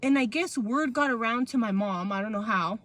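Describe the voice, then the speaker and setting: With a voice on the high side and a slightly bright tone, this young woman podcast host speaks at normal speed. Her childhood story comes out chatty and slangy, loaded with "like" and "bro," and she performs each quote.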